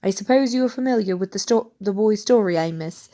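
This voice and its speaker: A woman's voice: medium pitch, brisk, dark tone, close to an everyday voice. A woman playing a cold, haughty senior male ministry wizard speaking with clipped anger.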